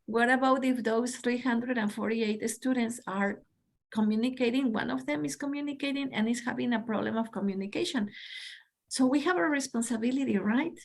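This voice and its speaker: A woman's voice: a little high, a little fast, creaky, poor audio. A woman in her forties with a Mexican Spanish accent, leading an online pronunciation workshop for teachers in an enthusiastic, coaxing way. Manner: enthusiastic, coaxing, addresses audience as guys. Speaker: pronunciation trainer.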